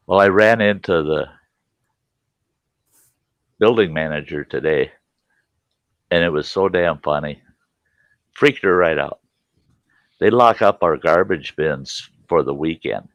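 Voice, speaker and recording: A middle-aged man with a low voice that swings up and down a lot, telling a folksy, salty story to his live chat. He laughs often, and the sound is close and dry. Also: animated, measured pace, pauses often, no echo, muffled recording. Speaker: livestream host.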